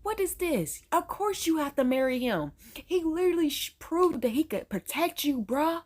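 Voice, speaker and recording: A woman's voice: high-pitched, animated, moderate pace. A young adult woman hosting a reaction video, chatting in an exclamatory way straight to the viewer. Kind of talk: casual reaction commentary.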